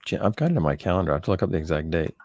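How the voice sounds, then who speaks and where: A man co-hosting a casual podcast chat, relaxed and rambling, often restarting his sentences. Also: low voice, rapid-fire, no echo. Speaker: podcast co-host.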